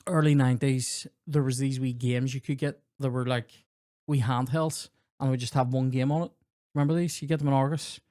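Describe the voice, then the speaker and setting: A man's voice: mid-range voice, dry recording. Guy rambling thru sweary stories on a podcast, dry close sound. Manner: rambling, sweary, animated anecdotes with acted-out dialogue. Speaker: comedian podcast host. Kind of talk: casual storytelling chat.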